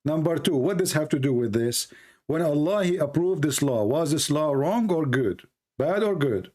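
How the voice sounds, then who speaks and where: A man with an Arabic accent presses his debate opponent with blunt, repeated questions. His voice sits a bit high, and it grows hoarse as he coughs and loses it. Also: expressive, moderate pace, darkish tone. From Middle East. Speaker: debate host. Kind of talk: heated online debate.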